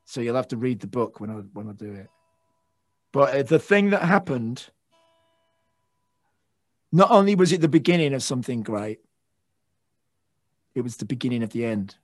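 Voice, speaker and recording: A man, a guest guitarist, telling excitable stories in a casual interview, swearing and acting out shouts. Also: medium pitch, moderate pace, pauses often, no room sound, soft background music. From England.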